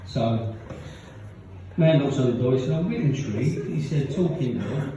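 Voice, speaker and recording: A man's voice: medium pitch, lively intonation, moderate pace, mellow, a little hiss or hum. A man telling rambling stand-up jokes at a pub gig, laughing at his own punchlines. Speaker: stand-up comedian. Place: pub function room with live audience. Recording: echoey, distant, dull audience recording.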